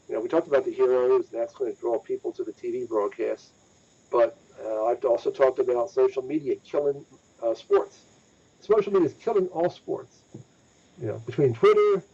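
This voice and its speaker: A man's voice: medium pitch, mellow. Emphatic man on a lo-fi podcast. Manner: emphatic, repeats himself for stress. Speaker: motorsports news podcast host. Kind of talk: casual discussion podcast. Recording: dull lo-fi audio.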